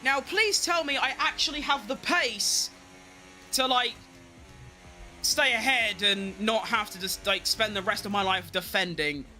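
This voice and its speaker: A man giving excitable, self-mocking live commentary while playing a racing game, talking to himself as he drives. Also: high-pitched, unhurried, faint music behind. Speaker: gaming streamer.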